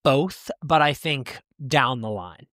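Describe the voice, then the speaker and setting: A man's voice: mid-range voice, animated, takes it slowly, bright, forceful tone, dry recording, clean studio sound. A man hosting a podcast in casual chat, emphatic and swearing, talking to his listeners. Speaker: podcast host.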